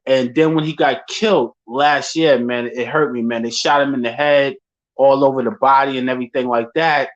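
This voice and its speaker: A man's voice: medium pitch, fairly even intonation, normal speed. A man hosting a casual talk, speaking in laid-back street slang and telling stories from his life. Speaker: podcast host. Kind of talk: casual chat. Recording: dull lo-fi sound.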